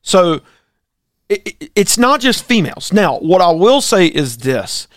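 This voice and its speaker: Male pastor co-host, emphatic opinion talk, slightly high pitch, dry studio sound. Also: big pitch swings, measured pace, fairly bright tone, no room sound. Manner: opinionated, emphatic, rhetorical questions. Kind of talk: casual talk show commentary.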